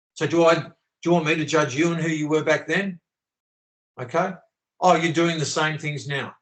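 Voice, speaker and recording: A channel host with a fairly high, fairly bright voice rants passionately on a video call, swearing often and preaching his views in an impassioned, conversational way. The recording is low quality.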